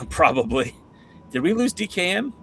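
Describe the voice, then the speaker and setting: A man's voice: fairly high pitch, sing-song, a little slow, creaky, fairly bright tone, breathy edge. A man hosting a casual wrestling podcast, chatting easily while he fumbles with clips. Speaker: podcast host.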